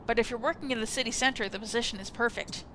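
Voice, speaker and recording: A woman's voice: a little high, racing, fairly bright tone, a little hiss or hum, lightly acted. A woman reading as a nervous, fawning male landlord. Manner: apologetic, stammering, rambling. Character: awkward nervous male sociologist landlord, clumsy and intrusive. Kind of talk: reading a visual novel aloud.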